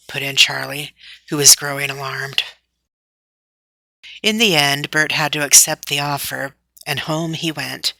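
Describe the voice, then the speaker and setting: A woman narrating a children's book in a clear, measured reading. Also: sits low, sharp tone, no room sound, poor audio. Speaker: audiobook reader. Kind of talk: storybook narration.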